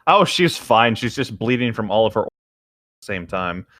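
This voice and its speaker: Low-voiced, wry man joking around. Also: fairly quick, a bit bright, no echo, studio quality. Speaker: podcast co-host. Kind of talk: casual chat.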